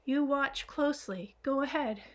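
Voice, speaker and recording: A patient, grandfatherly old man, calm and wise, explaining things in an unhurried, gentle way, read by a woman. The voice sits fairly high. It comes from a plain audiobook reading. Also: poor audio.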